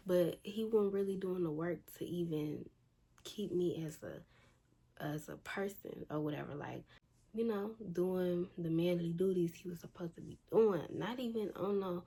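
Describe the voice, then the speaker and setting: A woman's voice: fairly low pitch, moderate pace, mellow, husky. A young woman telling a storytime in a blunt, exasperated, slangy way. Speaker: vlogger. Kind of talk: casual storytime. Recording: faint background noise.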